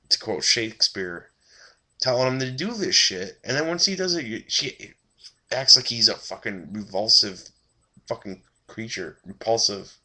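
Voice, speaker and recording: A man's voice: on the low side, animated, moderate pace, bright, forceful tone. A tired man giving a rambling, blunt and profane casual review of a TV episode.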